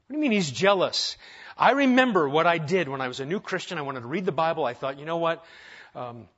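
A male pastor delivers a conversational sermon, tossing out rhetorical questions and humorous asides. His voice sits a little high for a man. The recording is dull and lo-fi. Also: expressive, fast, fairly bright tone.

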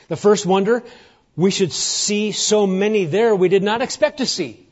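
A man preaching a sermon, emphatic and rousing, sometimes dropping to a hushed near-whisper. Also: sits high, normal speed, highs cut off. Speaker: pastor.

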